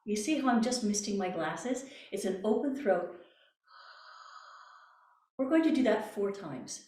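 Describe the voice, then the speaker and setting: Gentle woman voice coach, roomy echo. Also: mid-range voice, a little slow, recorded from a distance. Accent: Canadian. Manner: calm, gentle, step-by-step guidance with demonstrated breaths. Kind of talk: guided breathing workshop instruction.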